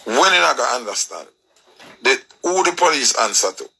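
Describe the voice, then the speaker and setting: Forceful gravelly Jamaican man ranting. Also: mid-range voice, sing-song, moderate pace, poor audio. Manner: preachy, emphatic, rhetorical questions. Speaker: commentator. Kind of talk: ranting commentary.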